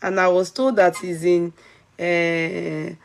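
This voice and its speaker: A woman's voice: lowish voice, flat delivery, slow, creaky. Yoruba-accented Nigerian woman chatting. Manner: mixes English with Yoruba, questioning, laughs often. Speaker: commentator. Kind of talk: casual chat.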